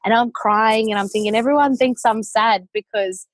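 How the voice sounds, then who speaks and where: A woman's voice: a little high, fairly even intonation, moderate pace, no room sound. A young adult woman with an Australian accent, a podcast guest telling her story in a heartfelt, rambling way full of fillers. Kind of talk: casual interview.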